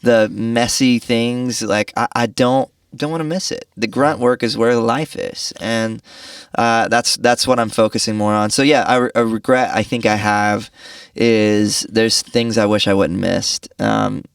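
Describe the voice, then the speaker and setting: A man in his thirties, a podcast guest, talking earnestly in a reflective, halting way with many restarts. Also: lowish voice, steady tone, gravelly, smooth, dry recording, studio quality, recorded from a distance. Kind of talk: reflective casual conversation.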